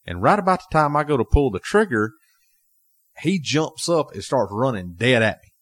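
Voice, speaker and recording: A man telling a story as a guest on a talk show, animated and laughing as he goes. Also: medium pitch, normal speed. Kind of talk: casual storytelling.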